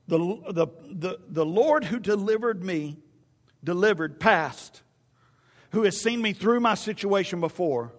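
A male pastor preaching a fervent sermon that swings from loud to hushed. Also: high voice, animated, measured pace, in a large hall.

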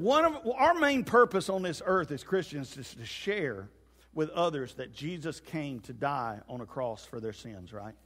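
A man preaches to his congregation with a high, light voice. He tells stories in a folksy way and slips in jokes. The sound carries the long reverb of a church hall. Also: fairly bright tone. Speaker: pastor. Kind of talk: sermon. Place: church sanctuary.

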